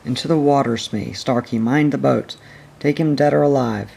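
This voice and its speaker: A man's voice: medium pitch, normal speed, creaky, dark tone, husky. A man reading aloud as a proud, brooding male pirate captain from a storybook, in a theatrical, commanding way. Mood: probing.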